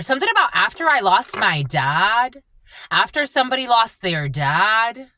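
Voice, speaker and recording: A woman doing a live spiritual channeling reading, at times gushing and laughing, at times dropping into low, prayerful thanks. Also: measured pace, no room sound. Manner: animated, laughs often, shifts between gushing and low prayerful tones.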